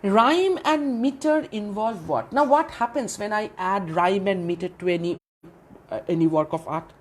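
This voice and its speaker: A woman's voice: mid-range voice, moderate pace, a little hiss or hum. A woman giving a literature lecture, who asks questions and answers them herself and often repeats phrases. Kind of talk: classroom lecture.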